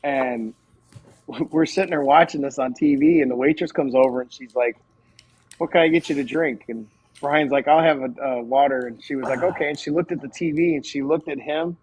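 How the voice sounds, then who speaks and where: A man's voice: medium pitch, normal speed, a little mellow, breathy edge, low-quality recording. A man co-hosting a podcast, telling a long anecdote in a laid-back, casual way. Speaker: podcast co-host. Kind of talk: casual storytelling chat.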